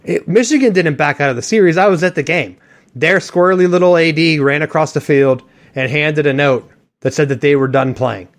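A man's voice: on the high side, fairly quick. A man hosting a sports podcast, rambling and joking in casual chat with a co-host.

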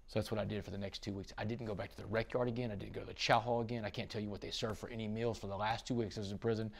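A man's voice: on the low side, racing, hardly any pauses. A man from Texas, a podcast guest telling a dramatic story in an interview. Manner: dramatic storytelling, rising to excited bursts.

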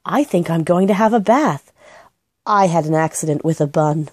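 A woman doing a soft-spoken, timid little bear. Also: fairly low pitch, expressive, moderate pace, slightly rough, no echo, studio quality. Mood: polite. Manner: soft, quiet and polite. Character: small polite bear, timid and earnest.

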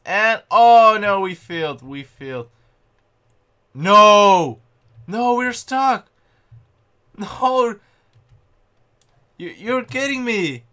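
Excitable bright-voiced young man gaming. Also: high-pitched, smooth. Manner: excitable, panicky outbursts and self-mocking. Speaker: gaming channel host. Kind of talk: gameplay commentary.

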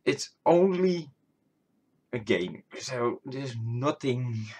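A man's voice: medium pitch, expressive, very slow, darkish tone, husky. A man from the Netherlands with a Dutch accent, a non-native English speaker, giving chatty, giggly, casual commentary over gameplay at home. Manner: chatty, giggly, self-talking. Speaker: gaming YouTuber. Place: home room.

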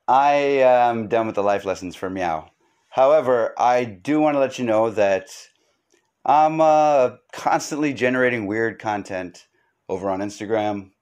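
A man's voice: lowish voice, a little mellow. A man hosting his own podcast, giving a rambling comedic monologue full of wry asides and fillers. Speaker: podcast host.

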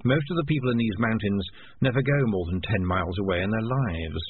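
A man voicing a sly, grinning adult rat piper who talks low and conspiratorially, in a storybook audiobook. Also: a little fast, natural voice. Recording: tinny lo-fi with faint hiss.

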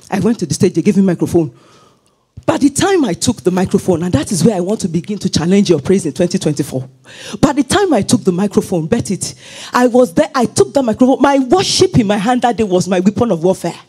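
A woman pastor preaches a fervent sermon in church, her husky voice climbing and falling across a wide range. She slips easily from speech into sung, chanted phrases. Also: medium pitch, animated, brisk, mellow.

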